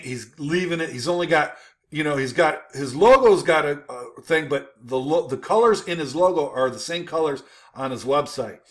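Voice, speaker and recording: Man, slightly high voice, casual screen-share commentary, fillers and restarts, emphatic. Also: fairly bright tone. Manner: informal, many fillers and restarts, emphatic "boom". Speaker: host critiquing websites.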